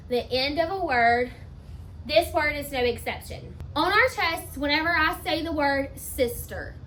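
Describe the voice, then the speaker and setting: Bright, high-voiced woman teaching spelling. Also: slight background noise. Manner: slow, emphatic, sounds words out part by part. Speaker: elementary school teacher. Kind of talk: spelling lesson video.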